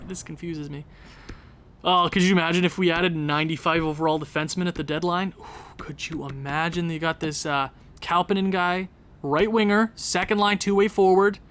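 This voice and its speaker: A man's voice: a little high, creaky, a bit bright, slight background noise. Rambling Canadian man commentating a game. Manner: rambling, talking to himself, jokey asides. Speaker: gaming video creator.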